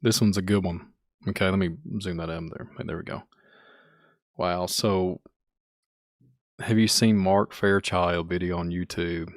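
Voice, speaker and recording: Man, Kentucky accent, podcast host, rambling, repeats himself, low-pitched, dry close sound. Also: no echo. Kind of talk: casual livestream talk reading chat.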